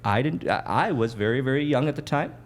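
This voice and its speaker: Guy from wisconsin telling stories on a podcast, kinda gravelly, jokes on himself a lot, faint noise. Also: medium pitch, lively intonation, brisk. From Wisconsin, USA. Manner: self-deprecating, laughing often. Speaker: guest. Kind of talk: casual storytelling.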